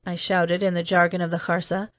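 Woman narrating a weary, seasoned off-world agent; measured storytelling, dry close sound. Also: fairly low pitch, little pitch movement, fairly bright tone, no echo, close to an everyday voice. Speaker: audiobook reader. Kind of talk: scripted narration.

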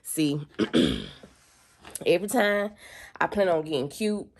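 A woman's voice: low voice, huge pitch swings, takes it slowly. A young woman vlogging at home to her phone camera, chatty and playful, calling her viewers baby and girl. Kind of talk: casual chat to camera.

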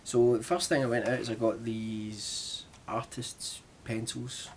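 A young Glaswegian man vlogs to camera in a casual, self-deprecating, rambling way, his voice medium-pitched with a level tone and measured pace. He's from Glasgow, Scotland, and there's a faint hiss or hum on the recording.

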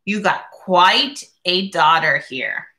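A woman doing a tired working uncle from a storybook, slow and earnest, with a bright, clear tone. He sounds unhurried and steady as he praises his niece. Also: lowish voice, full character voice. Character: weary uncle, a laborer who drinks beer.

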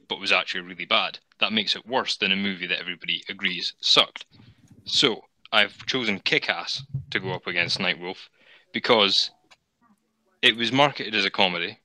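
A man's voice: sits low, pushed and bright, no room sound, low-quality recording. A man from Scotland with a Scottish accent, arguing his case as a debate guest, dry and articulate. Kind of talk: casual debate.

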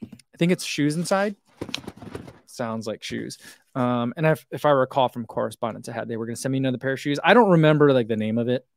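A man's voice: medium pitch, a little fast, vocal fry, no echo. A man, hosting a running channel and chatting casually through live comments with lots of fillers and self-deprecating asides.

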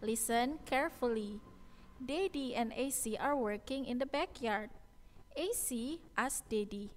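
Slow, patient kindergarten teacher woman. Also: a little high, in a large hall. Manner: slow, clear, patient instructions. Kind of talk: reading worksheet instructions to children.

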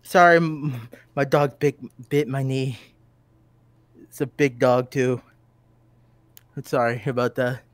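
A man's voice: medium pitch, steady tone, takes it slowly, pauses often, no echo. A man stumbling through awkward lines in a voice chat prank, hesitant and stammering, swearing now and then.

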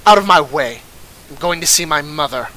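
A man voicing a cold, menacing male swordsman villain, speaking slowly and calmly while reading the lines of a game. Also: a little high, low-quality recording. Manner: slow, calm and measured.

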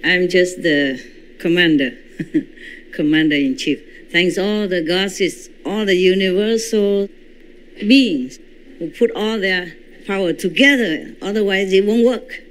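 A man whose first language is Korean, giving a spiritual talk in halting English with dramatic retelling. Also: high-pitched, smooth, low-quality recording. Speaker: spiritual teacher.

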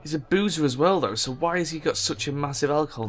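A man's voice: medium pitch, brisk, few pauses. Sweary man commentating a game. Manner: exasperated, swears a lot, bursts into loud rants. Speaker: gaming YouTuber.

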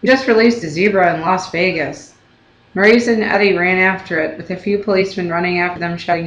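An audiobook reader narrates a novel in the first person, telling the story in a steady, even way. The voice rings with a roomy echo, as if read in an open room. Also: medium pitch, a little fast.

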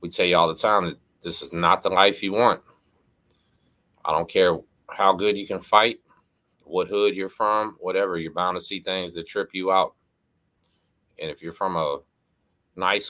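A man's voice: low-pitched, fairly bright tone. A middle-aged man, hosting and telling a story casually, often checking in with the listener. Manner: conversational, frequent "right?" and "you know what I mean" asides. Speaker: host.

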